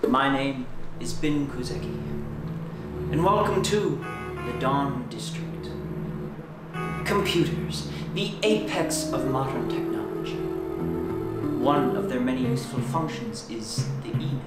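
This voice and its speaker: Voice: mid-range voice, animated, measured pace, lightly acted. An actor playing a theatrical, teasing male host of a TV anthology show in an improvised student-film parody. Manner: theatrical, teasing announcer delivery. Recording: echoey room with loud music.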